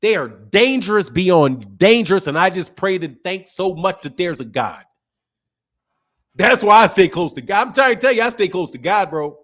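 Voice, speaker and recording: High-voiced man ranting heatedly. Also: sing-song, normal speed. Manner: emphatic, repetitive, profane, swings between loud and quiet. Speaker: boxing channel host. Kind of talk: heated livestream rant.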